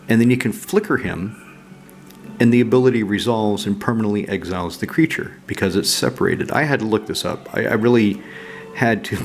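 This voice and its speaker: A man casually walking through his card game deck, relaxed and rambling with frequent fillers. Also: fairly low pitch. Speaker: card game channel host.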